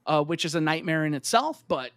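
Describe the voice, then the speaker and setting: Man, podcast co-host, high voice, casual gaming chat, rambling, swears a lot, heated, dry close sound. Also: animated, fairly quick, fairly bright tone, clean tone, no echo. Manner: heated and emphatic when ranting.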